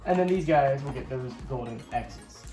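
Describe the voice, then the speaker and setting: A man's voice: medium pitch, moderate pace, warm tone, soft background music. A man hosting his own channel, walking viewers through a homemade game board in a chatty, upbeat way, with rambling asides. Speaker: YouTube host. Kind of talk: casual show-and-tell walkthrough.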